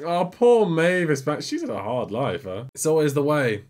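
A young man casually reacting to an animated film, chatty and laughing often, with the film soundtrack behind. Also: fairly high pitch, moderate pace, faint music behind. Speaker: movie reaction host.

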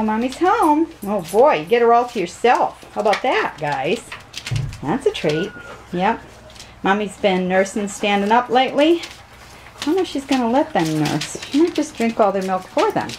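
A woman's voice: a little high, big pitch swings, unhurried, noisy background. A woman filming her litter of puppies in a casual home video, talking to them in sing-song baby talk.

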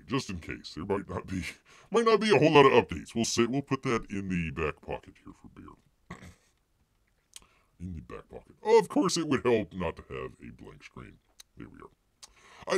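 A man's voice: sits low, vocal fry, no echo. A man hosting a casual live stream, rambling with lots of filler words and calling himself by name in the third person. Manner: folksy, heavy use of filler words.

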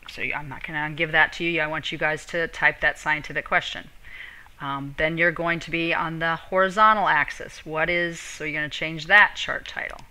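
A woman's voice: sits low, steady tone, moderate pace, sharp tone, low-quality recording. A teacher, a woman, giving a step-by-step screen-recorded tutorial and speaking directly to her students.

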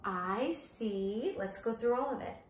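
A woman preschool teacher reads a picture book to little children, her voice fairly high and her pace unhurried. She sings the repeated lines and asks the kids simple questions as she goes. The room gives her voice a noticeable echo. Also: lively intonation, slight background noise. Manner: slow, sing-song storytime delivery with questions to the children. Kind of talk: reading a picture book aloud to young children.

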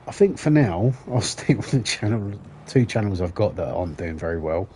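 A man talks to his viewers during a game livestream. His voice sits a little low and sounds soft and warm. He rambles, swears freely and laughs at his own jokes. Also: big pitch swings, normal speed, slight background noise. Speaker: gaming livestreamer. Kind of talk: casual livestream chat while playing.

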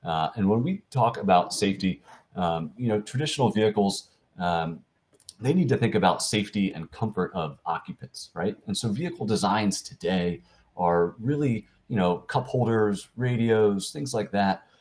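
Male panel speaker, very low voice, relaxed delivery with lots of fillers. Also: moderate pace. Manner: easygoing, frequent fillers. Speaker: panelist presenting for a delivery robotics company. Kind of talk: conference panel presentation.

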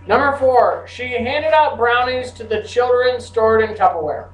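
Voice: medium pitch, measured pace, few pauses. A teacher giving a grammar lesson to a class, with playful, joking asides. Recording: echoey classroom from far off, faint hum.

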